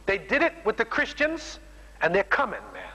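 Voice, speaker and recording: Emphatic male preacher, bright forceful tone, reverberant hall. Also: high-pitched, wildly swooping pitch, normal speed, breathy edge. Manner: emphatic, keeps tagging sentences with "man". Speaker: Muslim preacher. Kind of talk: sermon.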